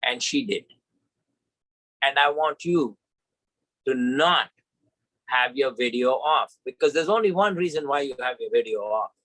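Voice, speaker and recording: A man's voice: medium pitch, unhurried, long pauses, a bit bright, dry recording, rough recording. A man telling a personal story emphatically as a trainer in an online session.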